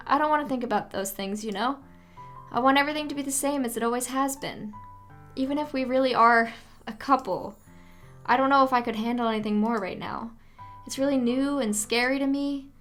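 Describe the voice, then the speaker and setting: A woman voicing a sad, anxious teenage schoolgirl, reading game dialogue aloud in a soft, hesitant way. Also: sits high, a little fast, soft background music. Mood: timid.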